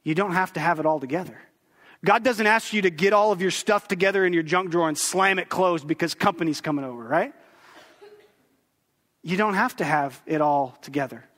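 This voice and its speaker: A man's voice: fairly high pitch, fairly bright tone. A man in his thirties preaching a sermon as a pastor, conversational and joking with the congregation. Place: church sanctuary. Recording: long reverb of a church hall.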